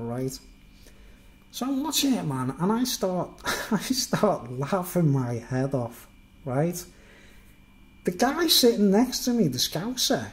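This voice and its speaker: A man's voice: on the high side, darkish tone. Chatty man telling a story. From Birkenhead, England. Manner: rambling, chatty, peppered with "right?" and "man". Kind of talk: casual storytelling monologue.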